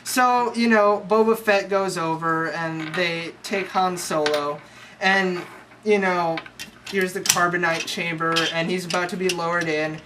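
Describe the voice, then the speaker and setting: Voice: mid-range voice, fairly even intonation, measured pace. Rambling, slangy young comic storyteller. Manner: slangy, profane, rambling with lots of "like". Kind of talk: casual comic movie recap. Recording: noisy home recording.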